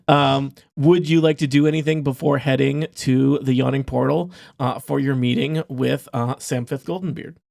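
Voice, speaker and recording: A man's voice: medium pitch, fairly even intonation, moderate pace, gravelly, hardly any pauses, darkish tone, dry recording, clean studio sound. Rambling man running a tabletop game. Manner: rambling, joking, many fillers and restarts. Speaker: game master.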